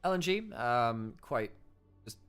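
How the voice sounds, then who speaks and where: A young man with a Welsh lilt calls an esports match in a loose, joking way that keeps wandering off on tangents. His pitch moves around a lot as he talks. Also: sing-song, slow pace, fairly bright tone, soft background music. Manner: chatty, jokey, rambling asides. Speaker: esports caster. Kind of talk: play-by-play and color commentary.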